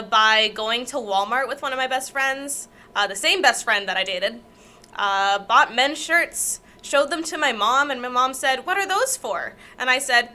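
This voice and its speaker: A young woman with a bright, high-set voice shares personal stories on a podcast. She rambles, laughs at herself often and keeps it casual. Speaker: podcast co-host. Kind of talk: casual storytelling chat.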